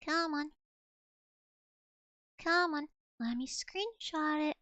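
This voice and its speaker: A woman's voice: high-pitched, slow pace, sharp tone, no room sound, dull audio. A woman VTuber streamer in casual livestream chat, rambling along with lots of fillers and restarts.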